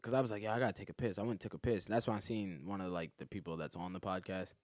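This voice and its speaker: A man's voice: low-pitched, rapid-fire, dry recording. A man, a comedian guest on a podcast, telling a story in casual talk, acting out what other people said and laughing often. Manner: animated, acts out other people's lines, laughs a lot.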